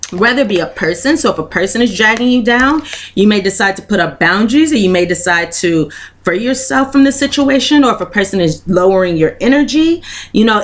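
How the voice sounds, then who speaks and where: Casting note: woman reader, mid-pitched, earnest tarot guidance with repetitive, encouraging phrasing. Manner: earnest and encouraging, repeats phrases, many "you know" fillers. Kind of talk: spoken tarot reading.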